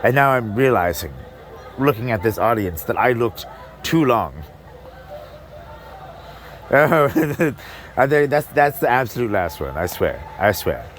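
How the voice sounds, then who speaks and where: A man's voice: medium pitch, very animated, a little slow, long pauses, slight background noise, poor audio. A man doing a stand-up comedy set in a club, rambling, breaking off mid-sentence and laughing at his own jokes.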